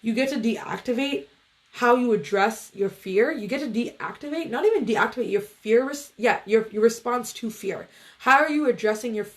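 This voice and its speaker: A woman meditation coach talks in a relaxed, rambling way to her livestream viewers. Her pitch sits in a middle range, and she leans on fillers and friendly asides. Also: creaky. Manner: loose, chatty, filler-heavy, greets viewers. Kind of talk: casual livestream talk.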